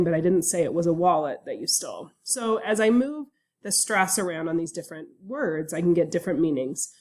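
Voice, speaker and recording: A woman university instructor giving a casual recorded online lecture, relaxed and chatty with frequent fillers. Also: fairly low pitch.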